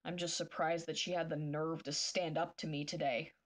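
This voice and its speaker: A woman's voice: low voice, level tone, moderate pace, natural voice. A woman reading out the lines of an angry, jealous bear from her own comic, in a grumbling, resentful way. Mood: grudging.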